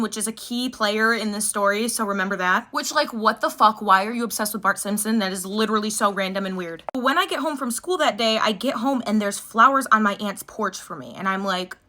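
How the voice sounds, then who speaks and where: Young woman in her 20s, quick-talking, chatty storytime vlogger who curses a lot. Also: mid-range voice, sharp tone. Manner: chatty, swears freely, says "like" often. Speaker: beauty vlogger. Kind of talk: casual storytime while doing makeup.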